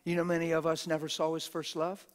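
A man with a slightly high voice talks quickly in a completely flat tone. He's giving a live sermon at a church gathering in a conversational style, peppering the congregation with rhetorical questions and imitating the voices of the people he quotes.

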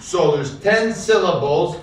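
A man teaching English literature to a class, repeating key words slowly and patiently for the learners. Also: high-pitched, lively intonation, a little hiss or hum. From United States. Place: school classroom full of students. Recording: echoey classroom, far from the mic.

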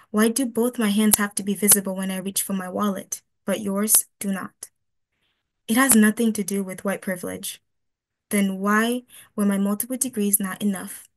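Woman, spoken-word poetry reading, webinar, slow pointed questions, faint background noise. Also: medium pitch. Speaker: webinar panelist reading her poem.

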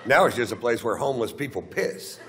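A middle-aged stand-up comedian with a Texan accent speaks at a medium pitch, animated and brisk, delivering a crude, rambling set on a theater stage and acting out quotes. The live room has long reverb and a faint hum.

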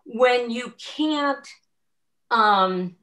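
A woman in an academic discussion who poses questions slowly. She pauses and searches for her words, circling back before she finishes each thought. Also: on the high side, lively intonation, a bit bright. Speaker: discussion participant.

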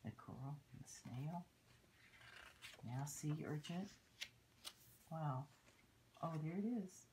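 An older woman reads a children's picture book aloud, unhurried and gentle. Her voice sits low, and she stops often to point at the pictures and teach little lessons along the way. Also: animated, noisy background. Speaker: storybook reader.

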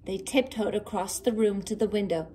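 A woman reading a children's picture book aloud in an expressive, sing-song storytelling manner. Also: mid-range voice, normal speed, slight background noise. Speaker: storybook reader.

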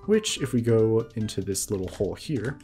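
A man's voice: fairly low pitch, sing-song, moderate pace, dark tone, soft background music. A man giving casual let's-play commentary, chuckling and explaining as he plays. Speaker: gamer.

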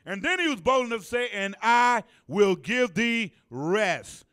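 In a church sanctuary, a pastor delivers a call-and-response sermon, urging the congregation to reply and stretching key phrases for weight. His voice sits high and is very animated, with a sharp, clear, resonant tone.

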